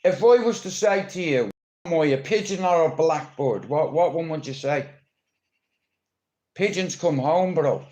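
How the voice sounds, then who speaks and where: Slow-talking Irish man rambling on a livestream. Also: on the high side, expressive, a little mellow. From Ireland. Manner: rambling, blunt, swearing, teasing. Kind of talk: rambling live stream monologue.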